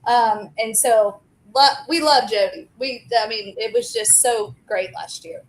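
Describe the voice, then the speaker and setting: A woman's voice: on the high side, a little slow, slight background noise, poor audio. A woman in her forties, a restaurant co-owner and guest, chatting in a talkative, enthusiastic way. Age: 40s. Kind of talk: casual chat.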